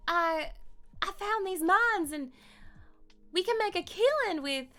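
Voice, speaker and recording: A woman's voice: very high-pitched, lively intonation, takes it slowly, bright, forceful tone, faint music behind, voice pushed up, exaggerated voice. A woman voicing a young, scheming female illager smuggler with a Southern accent and a wheedling drawl.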